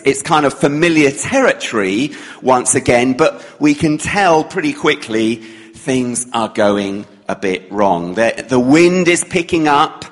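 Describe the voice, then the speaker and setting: In a hall with long reverb, a man of medium pitch and fairly bright tone delivers a sermon as a story. As he retells it, he performs what the characters say.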